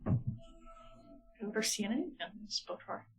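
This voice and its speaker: A woman playing a tabletop game, reacting excitably in casual chat. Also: medium pitch, normal speed, low-quality recording. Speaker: player.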